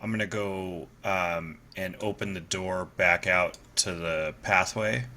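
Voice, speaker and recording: A man with a very deep, flat voice speaks in character at a tabletop game, bright in tone and halting, with plenty of "uh"s. A faint noise runs underneath. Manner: hesitant, halting, many fillers. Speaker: player.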